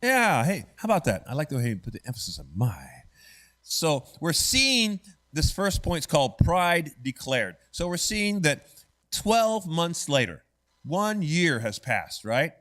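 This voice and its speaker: A man's voice: fairly high pitch, very animated, a little slow, a bit bright. Conversational male Bible study teacher. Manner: conversational, checks in with "right?" and quizzes the class. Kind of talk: teaching an adult church class. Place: church classroom.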